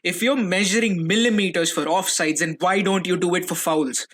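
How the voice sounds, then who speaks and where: A young man hosting a solo fan podcast, switching from chatty excitement to furious, sweary ranting, often repeating himself. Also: high-pitched, normal speed, a little hiss or hum. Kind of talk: solo football reaction podcast.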